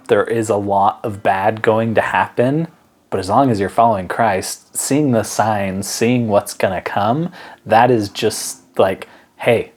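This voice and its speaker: A man co-hosting a casual faith podcast, talking in a relaxed, rambling and earnest way. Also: lowish voice. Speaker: podcast co-host. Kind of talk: casual religious discussion.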